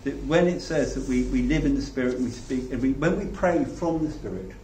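A man preaching a sermon and leading a prayer, reflective and halting, often restarting his sentences. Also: mid-range voice, expressive, dark tone. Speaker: pastor. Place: church hall. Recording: echoey hall from far off, faint noise.

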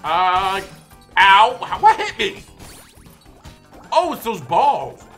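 Excitable young man yelling over gameplay. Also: sits high, drawn-out words, faint music behind. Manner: excitable, yelps and shouts at the game. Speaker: gaming video host. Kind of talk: gameplay commentary.

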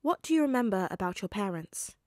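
Woman voicing a calm male FBI agent. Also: mid-range voice, dry recording, clean studio sound, lightly acted. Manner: gentle and measured.

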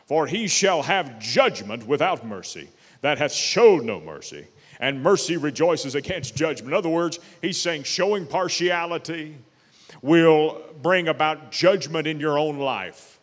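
A man preaching a sermon as pastor, emphatic and slowing down to stress key words. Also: fairly high pitch, animated, in a large hall. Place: church sanctuary.

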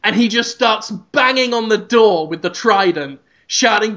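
A man co-hosting a podcast, telling a rambling comic story with animated delivery. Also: high-pitched, a little slow, few pauses, highs cut off. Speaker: podcast co-host.

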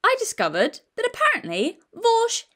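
A woman's voice: very high voice, wildly swooping pitch, normal speed, sharp tone, echoey room, distant mic. An English woman giving a sarcastic commentary rant and firing mocking questions. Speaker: commentary YouTuber.

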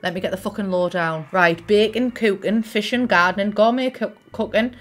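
A young woman with a Teesside accent giving casual, excitable, sweary let's-play commentary and chatting to the characters on screen. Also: mid-range voice, moderate pace. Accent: Teesside English. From Middlesbrough, England. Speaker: gaming YouTuber. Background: faint game music.

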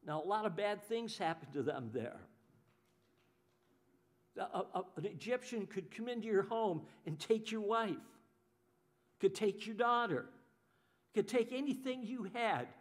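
High-voiced, animated preaching man. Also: unhurried, long pauses. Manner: animated preaching, voices the crowd in quotes, repeats words. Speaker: pastor. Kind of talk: sermon.

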